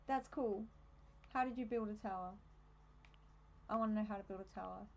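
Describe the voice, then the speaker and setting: A woman's voice: mid-range voice, fairly quick, creaky, pauses often, highs cut off. A woman with an Australian accent chatting casually on a live game stream, easily sidetracked and amused at herself. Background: faint game music.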